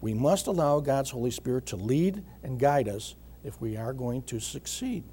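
A middle-aged man preaching a sermon in a measured way, repeating phrases and often clearing his throat. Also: medium pitch, animated, dark tone, slight background noise. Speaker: pastor.

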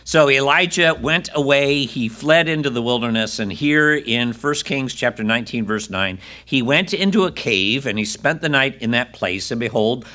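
Male preacher, bright forceful tone, reads scripture then chats with the congregation. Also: medium pitch, lively intonation, normal speed, few pauses. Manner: conversational asides to listeners. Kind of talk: sermon with Bible reading.

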